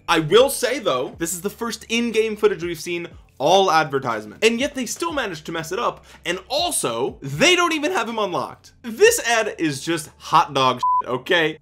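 Sarcastic, lively-voiced man reacting to ads. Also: sits high, moderate pace, few pauses. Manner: sarcastic, profane, mock-excited. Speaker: YouTube host reacting to game ads. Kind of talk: casual comedic commentary.

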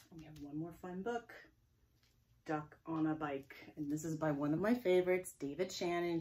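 Gentle woman reading story time. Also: deep voice, slight background noise. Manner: gentle, expressive, with chatty asides to children. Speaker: children's librarian.

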